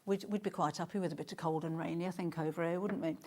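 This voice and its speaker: A woman's voice: lowish voice, steady tone, fast, darkish tone. A middle-aged woman presenting fabrics on a live sales show, chatting and gushing with lots of restarts.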